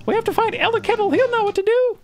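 A squeaky, very high cartoon cup boy who stammers in panic. His voice jumps way above a normal speaking voice, over faint music. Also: quick pace, darkish tone. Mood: panicky. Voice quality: high squeaky Mickey Mouse-like voice.

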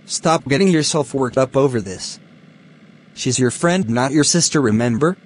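Brief: man as an earnest boyfriend, mid-pitched, pleading and defensive. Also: animated, normal speed, a little hiss or hum, natural voice. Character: defensive, pleading young fiancé. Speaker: voice actor in animated drama.

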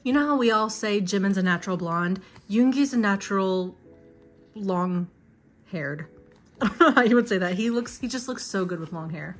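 A young woman talks her way through an unboxing in a chatty, gushing way, often overcome with excitement. Her voice sits at a middle pitch, and soft music plays faintly behind her. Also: normal speed. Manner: gushing, emotional, chatty fan talk. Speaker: vlogger. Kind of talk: casual unboxing chat.

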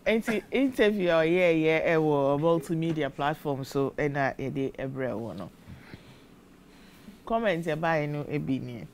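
A Ghanaian woman presenting on air, reading viewer comments aloud in a loud, animated way and laughing as she goes. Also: deep voice, normal speed. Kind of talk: lively commentary mixing English and Twi.

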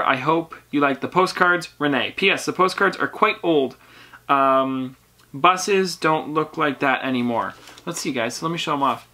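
A young vlogger talks casually at home in a bright, forward voice. The pitch sits right in the middle, and the delivery stays chatty and upbeat, with running asides to viewers between lines. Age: teenager. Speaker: YouTube collector channel host. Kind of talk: casual mail-opening vlog.

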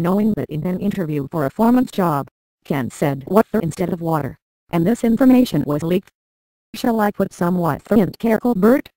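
A computer-generated woman's voice reading a memoir aloud in a flat, synthetic way with odd word stresses. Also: on the low side, no room sound, rough recording. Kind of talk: text-to-speech narration of a memoir.

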